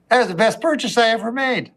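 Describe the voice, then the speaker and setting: A man delivers a stand-up monologue in a dry, deadpan drawl. He rambles from thought to thought, lets long pauses hang, and slips into little acted-out exchanges before dropping back to his flat tone. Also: very high-pitched. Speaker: comedian.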